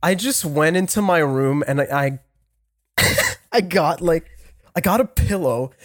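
A man's voice: a little high, no room sound, clean studio sound. Rambling young French Canadian man. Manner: rambling, laughing, halting restarts. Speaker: podcast co-host. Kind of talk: casual storytelling chat.

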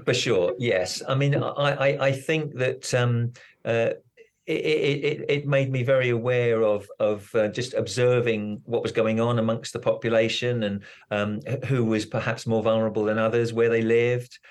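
An older man, a doctor, chatting as an interview guest, telling stories in a plain-spoken way with halting restarts. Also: medium pitch, steady tone. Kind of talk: casual interview chat.

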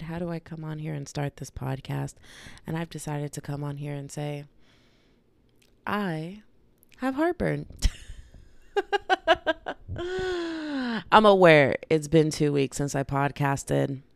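A woman hosts a solo podcast in a chatty, joking, rambling way. Her voice sits low and gravelly, and she is stuffed up from a cold. The sound is dry and close, with no room around it. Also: expressive, unhurried, dry recording. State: congested from a cold. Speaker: podcast host. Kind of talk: casual solo podcast chat.

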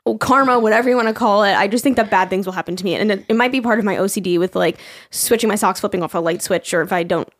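A woman's voice: medium pitch, racing, no echo, clean studio sound. A young woman co-hosting a podcast, telling a story in a chatty way with lots of "like" and frequent laughter. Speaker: podcast co-host. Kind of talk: casual chat.

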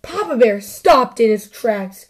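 Kids' story host, female, unhurried and light-voiced. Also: on the high side, expressive. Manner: slow, deliberate storytelling. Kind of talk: reading a children's story.

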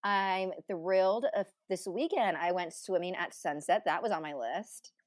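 A young woman co-hosting a podcast, recapping her summer in an upbeat, chatty casual conversation. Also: on the low side. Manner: upbeat, chatty, quick to laugh along. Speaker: podcast co-host. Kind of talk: casual chat.

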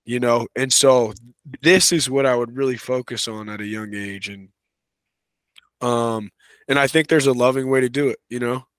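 A man talking as a wrestling coach and podcast guest in a relaxed, casual way, full of "you know" and "right.". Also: medium pitch, normal speed, clean tone, dry recording. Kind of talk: casual conversational interview.

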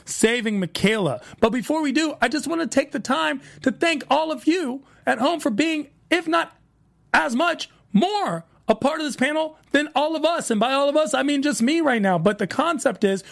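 A man hosting a solo aftershow, retelling scenes in a chatty, animated way and voicing the characters' lines. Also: extremely high pitch, normal speed, creaky. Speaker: podcast host recapping a TV show.

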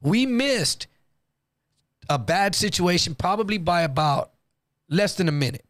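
A man telling a story in a loose, profane, casual way, jumping into higher voices when quoting people. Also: measured pace, no room sound, studio quality. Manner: animated, acts out quotes in higher voice. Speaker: guest storyteller.

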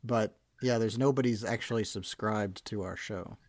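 A man's voice: lowish voice, normal speed, no echo. A man co-hosting a casual podcast who rambles and laughs at his own jokes. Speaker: podcast co-host and editor.

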